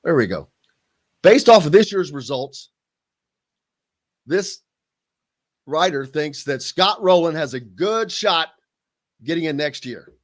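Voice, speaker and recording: Male sports radio host, Southern Indiana accent, higher-pitched voice, excitable and chatty. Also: slow pace, long pauses. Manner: animated, excitable, hums jingles. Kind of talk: casual sports radio chat. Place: radio studio.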